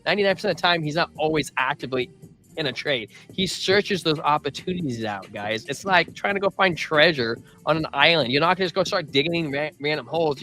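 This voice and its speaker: A man's voice: on the high side, bright, forceful tone. A man co-hosting a casual crypto livestream, rambling and joking as he gives trading advice and reads chat messages aloud. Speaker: crypto show co-host.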